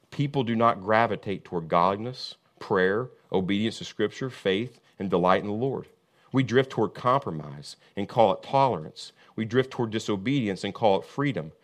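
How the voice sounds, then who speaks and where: Male pastor, sermon delivery, impassioned and repetitive, wide pitch swings between booming and hushed. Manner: preaching with big swings from booming emphasis to hushed intensity.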